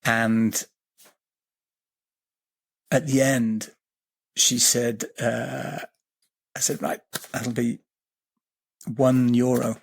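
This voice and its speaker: A man's voice: mid-range voice, level tone, drawn-out words, vocal fry, pauses often, husky. A middle-aged man, a guest, telling a long anecdote in a rambling, hesitant way with many fillers and restarts. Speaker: guest, geobiologist and healer. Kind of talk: anecdotal storytelling in an interview.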